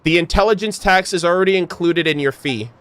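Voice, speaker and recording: A man reading aloud the calm lines of a young woman who brokers secrets, in his own plain voice. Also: sits high, fairly quick, smooth, no echo.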